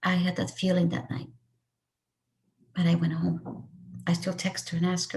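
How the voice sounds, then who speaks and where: A woman's voice: medium pitch, level tone, brisk, vocal fry, long pauses, mellow, slight background noise. A middle-aged woman raised in Mexico telling a personal story of loss to a student audience, earnest and emotional. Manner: earnest, emotional, voice rising and falling with feeling. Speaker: speaker sharing her story.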